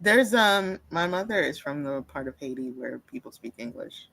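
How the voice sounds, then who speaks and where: A man's voice: on the high side, lively intonation, moderate pace, vocal fry, sharp tone, low-quality recording. A man co-hosting a podcast, chatting playfully and laughing often. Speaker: podcast co-host. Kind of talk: casual chat.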